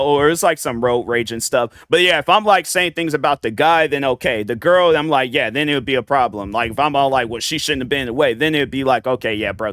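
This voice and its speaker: Male reaction host, loose and slangy, full of restarts; clean smooth tone, dead-dry room. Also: medium pitch, a bit bright, no echo. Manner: rambling, slangy, lots of restarts. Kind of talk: casual reaction commentary.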